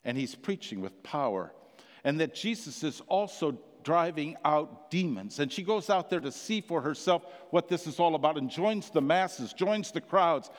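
A man preaching a sermon, telling the story with passion, his voice swelling loud and then sinking almost to a whisper. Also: fairly high pitch, lively intonation, normal speed, big-room sound.

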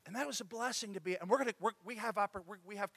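A man preaching a sermon as pastor, talking to his congregation in a lively, conversational way. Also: sits high, racing, gravelly, no echo.

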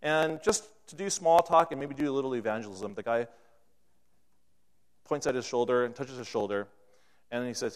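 A man preaching a sermon from a pulpit, at a mid pitch, acting out the dialogue of his stories. His voice swings between loud and soft, and a long hall reverb rings behind it. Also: moderate pace, pauses often. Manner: acts out dialogue in an anecdote, voice rising and falling.

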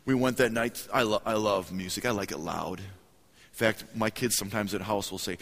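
A man preaching a sermon as a story, animated and acting out voices and cheers in a large church hall. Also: lowish voice, fairly quick. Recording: hall reverb, live sermon.

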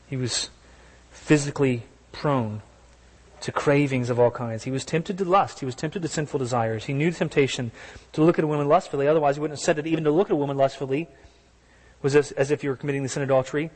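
A man's voice: medium pitch, in a large hall. A man preaching a sermon in an earnest, conversational way, asking his listeners questions as he goes. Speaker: pastor.

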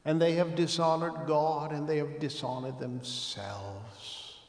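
A male pastor preaches slowly and deliberately to a congregation. His delivery drops to hushed asides and then rises to loud, emphatic exclamations. His voice carries through a roomy church with a long reverb tail. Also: on the high side, steady tone. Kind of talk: sermon. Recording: echoey church hall.

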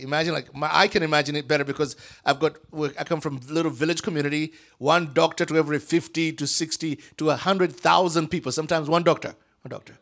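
Animated African preacher, gravelly voice. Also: male voice, on the high side. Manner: dramatic storytelling, acts out voices, swings from whisper to shout. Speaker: guest preacher. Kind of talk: animated sermon.

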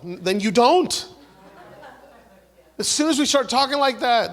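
A man preaching a sermon, swinging between loud exhortation and hushed, whispered prayer, acting out the voices he quotes. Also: very high voice, expressive, normal speed. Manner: acts out quoted voices, repeats words and restarts.

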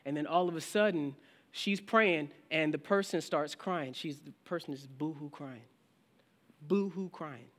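A man's voice: fairly high pitch, a little slow, a bit bright. A male pastor preaching a sermon in a conversational way. He often restarts his sentences, and he acts out questions from his listeners. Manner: frequent restarts and filler phrases.

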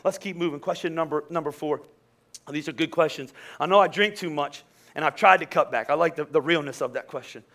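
Bright high-voiced man preaching. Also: fairly quick. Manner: conversational preaching, rises to emphatic peaks. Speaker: pastor. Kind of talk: sermon.

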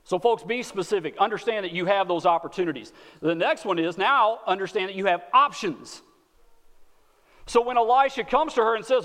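A man's voice: high-pitched, fairly quick, a bit bright. A man with a Texan accent preaching a sermon in a folksy, earnest way, often repeating words as he speaks. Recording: long hall reverb.

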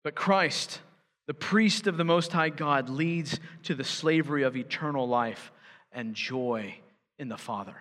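A man's voice: mid-range voice, measured pace, a bit bright. A man preaching a sermon as pastor, emphatic and building to fervent urgency. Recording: church hall reverb.

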